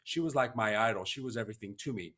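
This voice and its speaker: A man's voice: fairly low pitch, fast talker, sharp tone. A man hosting a podcast, telling a personal story in an earnest, emotional, heartfelt way. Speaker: podcast host.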